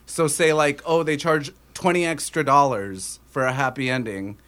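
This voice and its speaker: A man's voice: on the high side, steady tone, normal speed, a bit bright, clear, resonant tone. A man co-hosting a casual podcast, cracking crude jokes and laughing a lot. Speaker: podcast co-host. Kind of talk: casual chat.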